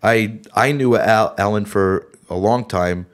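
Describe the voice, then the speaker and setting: Low-voiced rambling man on a podcast. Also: measured pace. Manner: rambling, self-interrupting storyteller. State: sick, voice a bit worn. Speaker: band member and podcast host. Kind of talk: casual chat.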